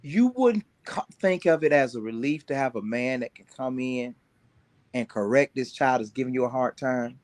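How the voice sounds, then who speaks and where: A man's voice: medium pitch, normal speed, dry recording. A man in a casual talk-show debate, pushing his point with teasing questions.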